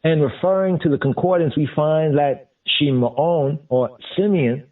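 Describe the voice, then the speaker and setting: A man teaching scripture in a deliberate way, repeating and glossing each term as he goes. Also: on the high side. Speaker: Bible teacher. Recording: distant, phone-like lo-fi sound.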